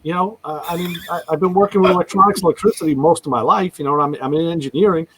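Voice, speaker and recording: A man's voice: a little high, racing, a little hiss or hum, poor audio. A man hosting a casual radio talk show, telling stories and acting out callers' voices. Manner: animated storyteller, acts out callers' voices.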